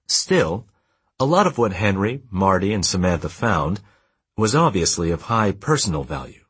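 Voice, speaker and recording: A man reading an audiobook in a steady, measured storytelling manner. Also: deep voice, slightly rough, no echo. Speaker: audiobook narrator. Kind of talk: scripted narration.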